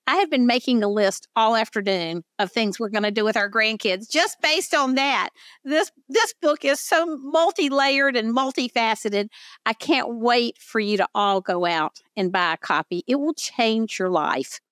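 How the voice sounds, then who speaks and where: Older Southern woman, podcast host, effusive chatty delivery, slightly high voice, dry close sound. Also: a bit bright, no room sound. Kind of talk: casual interview chat.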